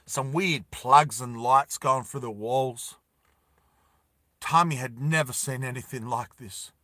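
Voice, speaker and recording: A man narrates a dramatic story at an unhurried, deliberate pace, repeating phrases for emphasis. His voice is bright and forward, recorded dry and close. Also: mid-range voice, no echo.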